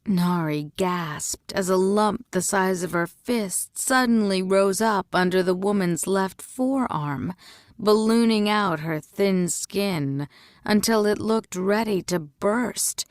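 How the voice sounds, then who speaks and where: Woman narrator, storybook reading, slow, lowish voice, dry close sound. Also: no echo. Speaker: audiobook reader.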